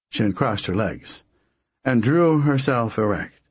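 Breathy, slow male storyteller. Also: mid-range voice, animated, no room sound. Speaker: audiobook narrator. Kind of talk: scripted story narration.

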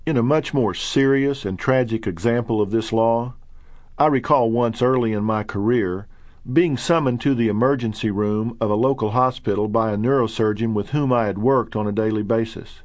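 A middle-aged man narrating his own book in an earnest, measured way that rises sharply when indignant. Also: mid-range voice, darkish tone, no room sound. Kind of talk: audiobook narration.

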